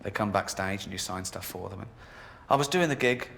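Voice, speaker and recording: A man's voice: low voice, fairly quick, vocal fry, a bit bright. A man performing a stand-up comedy routine in a comedy club, with a mocking, sarcastic delivery. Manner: mocking, sarcastic, jokey put-downs. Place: comedy club in a video game.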